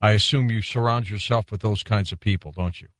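A man's voice: on the low side, steady tone, fairly quick, dry recording, studio quality. A man hosting a call-in radio show, taking callers and asking short, plain questions. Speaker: radio host.

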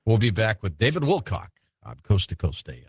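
A man's voice: fairly low pitch, sing-song, a little fast, breathy edge, no room sound. A man hosting a late-night radio talk show, genial and chatty, laughing easily with his guests.

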